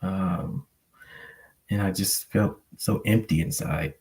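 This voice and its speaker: A man's voice: low voice, steady tone, slow, gravelly, a little mellow. A man sharing a personal story earnestly on a panel, rambling with many fillers. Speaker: panel guest.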